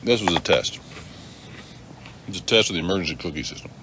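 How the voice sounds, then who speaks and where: A man's voice: low voice, fast talker, noisy background. A middle-aged man hosting a casual live stream, rambling and joking as he greets viewers by name.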